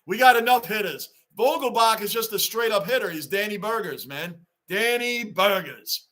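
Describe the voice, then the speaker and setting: A man hosting a live sports reaction stream, rambling excitedly and reading fan chat aloud. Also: high-pitched, a little fast. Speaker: livestream host.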